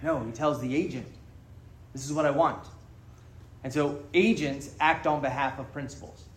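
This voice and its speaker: Speaking at a moderate pace in a mid-range voice, a man gives a candid personal testimony at a recovery meeting. He jokes, speaks plainly and swears freely to the audience, and the room's echo gives the recording a roomy, hall-like sound.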